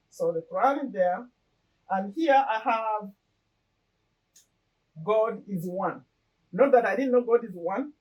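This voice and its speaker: A woman's voice: mid-range voice, a little mellow, distant mic, low-quality recording. A middle-aged woman talking casually to the camera in an earnest way, often repeating and restarting her phrases. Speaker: vlogger. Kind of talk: casual personal talk to camera.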